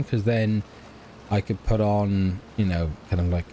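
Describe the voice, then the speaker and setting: Deep-voiced British man, rambling. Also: moderate pace, warm tone, a little hiss or hum. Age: middle-aged. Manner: rambling, hesitant, self-mocking. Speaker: let's play gamer. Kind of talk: casual chat while playing.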